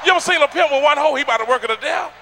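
A man from Atlanta doing loud, profane stand-up comedy on stage, teasing the crowd and shouting punchlines. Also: extremely high pitch, racing, a little hiss or hum. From Atlanta, USA.

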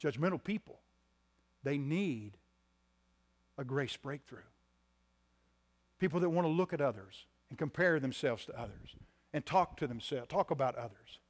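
Pastor, male, higher-pitched, emphatic sermon delivery, loud-to-soft swings, repeats phrases. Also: animated, normal speed, long pauses. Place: church sanctuary.

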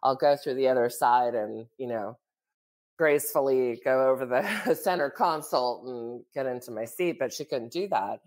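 A woman's voice: very deep voice, normal speed, darkish tone. A woman co-hosting a podcast, telling a story in a chatty way, full of fillers and laughter. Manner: chatty, full of "like" and "you know", laughs often. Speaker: podcast co-host. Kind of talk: casual storytelling chat.

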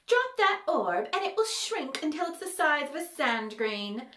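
A woman's voice: high voice, big pitch swings, moderate pace, bright, forceful tone, roomy sound, voice pushed up, full character voice. A woman voicing a smug, scheming female witch in a storybook reading, with a drawling manner.

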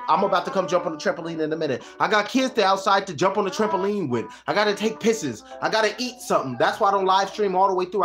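A man calling a fight live, hollering and cursing, his voice leaping from low mutters to high yells. His pitch sits very high for a man, with a bright, forceful edge. Faint music plays behind him. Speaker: fight commentator. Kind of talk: excitable live fight commentary.

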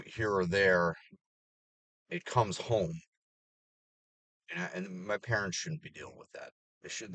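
Deep-voiced profane ranting man. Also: a bit bright, dry recording. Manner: profane, ranting, sarcastic laughs. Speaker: vlogger. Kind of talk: casual rant to camera.

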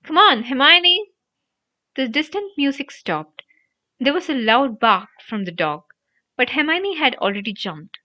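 A woman narrating a storybook audiobook with an animated, expressive delivery. Her voice is bright and fairly high, with lively melody. The sound is dry and slightly dull. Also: a little slow. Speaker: audiobook reader.

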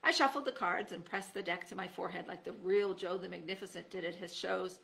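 A woman teacher reading a children's chapter book aloud, telling the story expressively. Her voice is bright and carries a gravelly fry. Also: fairly low pitch, fairly quick, hardly any pauses, poor audio.

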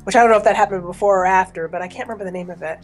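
A woman's voice: mid-range voice, steady tone, rapid-fire, soft background music. A woman on a casual podcast panel, talking in a chatty way with plenty of fillers.

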